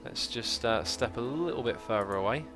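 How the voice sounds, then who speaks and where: A man hosting a casual gameplay livestream, chatting, thinking out loud and answering viewer comments. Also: medium pitch, animated, moderate pace, over music. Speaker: livestream host.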